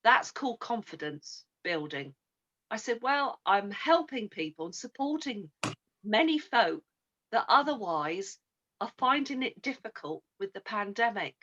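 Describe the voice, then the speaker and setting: A woman giving a coaching talk, who acts out both sides of conversations in an animated way. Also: medium pitch, unhurried. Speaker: sales coach. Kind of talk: coaching talk with a retold phone call. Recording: muffled lo-fi recording.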